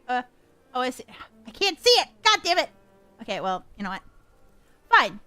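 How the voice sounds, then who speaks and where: A woman reacting to a game in casual commentary, excitable, flustered and giggly. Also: high-pitched, normal speed, long pauses, smooth. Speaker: streamer.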